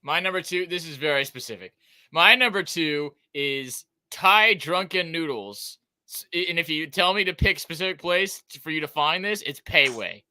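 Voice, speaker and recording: A male podcast co-host with a very bright, forward voice, talking in a casual chat. He gives his opinions with emphatic, playful certainty. The sound is close and dry, and his voice sits a little high for a man. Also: expressive, moderate pace, clear, resonant tone, no room sound.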